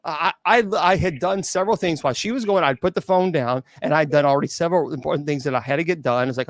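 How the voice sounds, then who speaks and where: A man hosting a casual call-in chat as a bishop, telling stories in an animated way, repeating words and acting out quotes. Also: fairly high pitch, fast talker, hardly any pauses, no echo. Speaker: bishop and show host.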